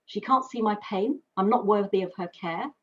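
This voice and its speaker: A woman's voice: medium pitch, normal speed, fairly bright tone, slightly rough. A woman voicing a teenage boy's resentful inner thoughts. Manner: resentful, self-doubting inner monologue. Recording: dull lo-fi webinar audio.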